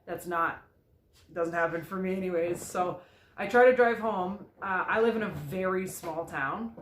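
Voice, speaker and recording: A vlogger telling a personal story candidly, in a halting way with frequent restarts. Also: mid-range voice, fairly bright tone, a little hiss or hum. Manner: halting, with many restarts and "you know". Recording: echoey room.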